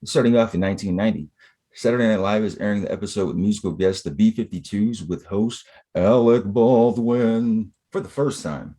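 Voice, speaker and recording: A man's voice: on the low side, brisk, warm tone. A man co-hosting a casual podcast, recapping old TV in a laid-back way, with many fillers. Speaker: podcast co-host. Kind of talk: casual chat.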